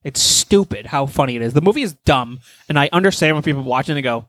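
A man's voice: a little high, quick pace, no echo. A man chatting casually on a podcast, rambling and swearing freely as he tells a story. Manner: rambling, profane, animated storytelling. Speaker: podcast host. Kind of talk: casual chat.

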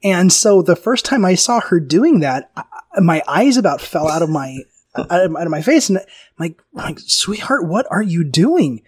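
A man with a fairly high voice tells a story in a casual talk, animated and quick to restart his sentences. He often breaks into small laughs as he goes. The sound is dry and close, with no room echo. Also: husky. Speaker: podcast host.

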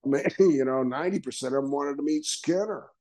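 On a rough recording, the retired wrestler's warm, fairly high voice moves a little fast. The older man is a podcast guest spinning casual stories, performing the quoted lines and laughing frequently.

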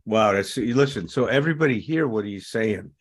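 A man's voice: lowish voice, normal speed. A man hosting a conversation about recovery, talking emphatically and acting out angry lines as examples. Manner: animated, emphatic, acts out angry quotes. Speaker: host.

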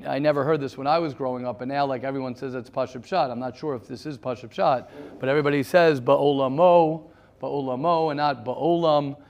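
A man leading a study class in a fairly high voice. He restarts his sentences often and drops Hebrew terms into his English as he lectures and takes questions. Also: darkish tone, lo-fi sound. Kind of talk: interactive lecture.

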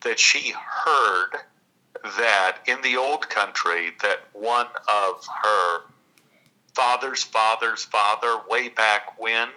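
A man from Texas, an actor and guest, telling stories in an unhurried, reflective interview. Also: on the low side, bright, forceful tone, low-quality recording. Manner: unhurried, reflective, with long pauses.

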